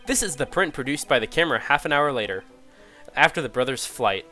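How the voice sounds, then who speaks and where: An earnest young defense lawyer speaking politely and carefully, with a touch of doubt, read out by a man. The voice stays close to a plain speaking voice, with a lively pitch that rises and falls. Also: brisk, faint music behind. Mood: measured.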